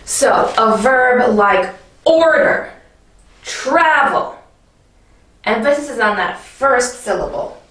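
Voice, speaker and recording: A woman teaching an English grammar lesson in a clear, patient way, often checking in with the viewer. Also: a little high, a little slow, a bit bright, reverberant, distant mic, a little hiss or hum, low-quality recording.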